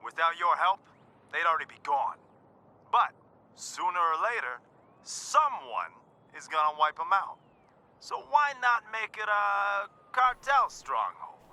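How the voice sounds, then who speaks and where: An actor playing a scheming male cartel fixer in a video game, talking with loud, theatrical salesman patter. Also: sits high, big pitch swings, unhurried, exaggerated voice. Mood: persuasive. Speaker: game character.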